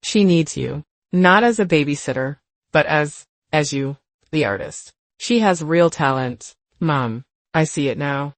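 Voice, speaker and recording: A woman voicing an exhausted, remorseful grown daughter in a spoken story, halting and hesitant. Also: sits low, lively intonation, dry recording. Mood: pleading.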